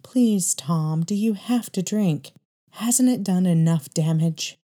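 A woman plays a gentle, worn-down mother in a spoken story, soft and pleading, a little higher than the narration. The tone stays warm and mellow. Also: slow.

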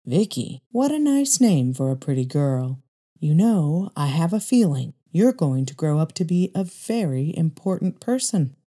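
A woman reading a story voices an old male gas station attendant who speaks slowly and knowingly, with a quiet, prophetic air. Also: fairly high pitch, very animated, slightly rough, full character voice. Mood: eerie. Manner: slow, staring, quietly prophetic.

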